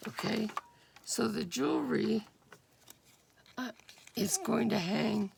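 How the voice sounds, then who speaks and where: A woman crafting at a table, talking through each step with a gruff morning voice, thinking aloud and sometimes dropping to a whisper. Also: fairly high pitch, a crowd in the background. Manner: unhurried, thinking aloud with fillers and drops into whispers while working. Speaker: crafter demonstrating a junk journal project. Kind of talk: casual step-by-step craft demonstration. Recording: clear background noise with clicking of craft tools.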